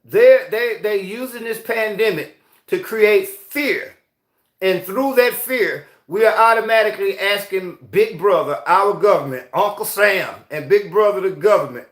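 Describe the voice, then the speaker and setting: Guy ranting and rambling on his show, high pitched, echoey room. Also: unhurried, a bit bright. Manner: rambling, heated, says y'all and you see what I'm saying. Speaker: host. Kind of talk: conspiratorial commentary monologue.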